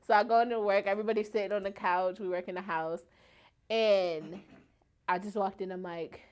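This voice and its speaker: A woman guest in an interview, telling a personal story and acting out other people's words in a much higher voice. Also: brisk, clear, resonant tone. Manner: animated, acts out quoted voices much higher.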